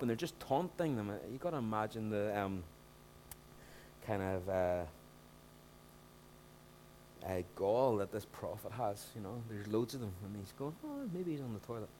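A male pastor delivers a sermon in a mid-pitched voice, lively and conversational, rising to loud emphatic bursts when he acts out scenes. A faint hum sits under the recording.

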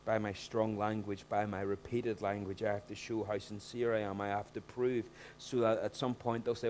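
A man preaching a sermon, talking in an animated way and rising to loud emphatic bursts when he acts out scenes. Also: fairly low pitch, normal speed, a little hiss or hum. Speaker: pastor.

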